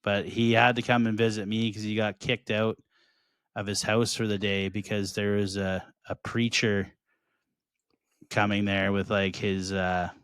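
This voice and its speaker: A man's voice: lowish voice, little pitch movement, measured pace, a bit bright, clear, resonant tone, no echo, clean studio sound. A man co-hosting a comedy podcast, telling rambling, profane stories in casual chat and laughing often.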